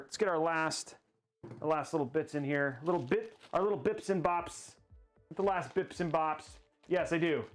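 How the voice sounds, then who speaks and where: A man hosting a casual livestream while building a PC, rambling and joking at himself as he talks to chat. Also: fairly high pitch. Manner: rambling, goofy, laughs at himself. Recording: faint music behind the voice.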